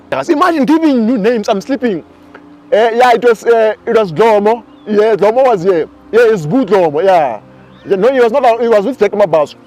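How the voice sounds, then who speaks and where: A man in his twenties with a South African accent, giving a casual, animated spiritual teaching talk. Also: high voice. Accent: South African English. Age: 20s. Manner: animated storyteller.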